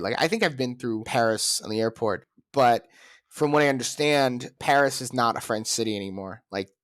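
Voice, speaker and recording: A male podcast host argues his views in loose, opinionated chat. His voice is medium in pitch and recorded close and dry, with no room echo. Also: fairly bright tone. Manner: opinionated, argumentative. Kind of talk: casual chat.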